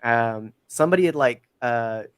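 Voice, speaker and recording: A man's voice: mid-range voice, moderate pace, clean tone, no echo. A man hosting a podcast, chatting casually and enthusiastically, rambling with lots of fillers. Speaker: podcast host. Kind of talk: casual chat.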